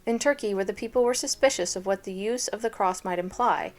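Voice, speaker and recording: A woman's voice: medium pitch, brisk. A woman reading old newspaper articles aloud, then chatting about them in a casual way with fillers, laughs and blunt asides.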